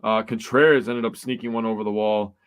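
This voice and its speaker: A man's voice: on the low side, steady tone, a little fast, clear, resonant tone. Emphatic man recapping a ball game. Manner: emphatic, mock-outraged recaps. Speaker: podcast co-host. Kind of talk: casual sports chat.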